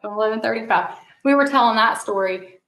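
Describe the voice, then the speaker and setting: Recorded in an echoey room, a Southern vlogger and mom with a Southern accent rambles through stories in casual chat. She talks briskly in a fairly high, fairly bright voice.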